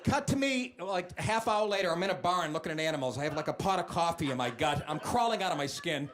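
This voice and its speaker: A man's voice: on the high side, lively intonation, fairly bright tone, slight background noise. A man doing a stand-up set in a comedy club, telling brash, profane stories and acting out the people in them. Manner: brash, profane, fast storytelling with acted-out voices. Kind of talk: stand-up routine. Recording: club set with crowd laughter.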